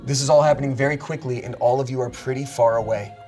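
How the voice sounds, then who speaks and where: A man running a tabletop role-playing game, narrating scenes with animated, cinematic storytelling. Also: mid-range voice, quick pace, over music. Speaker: game master.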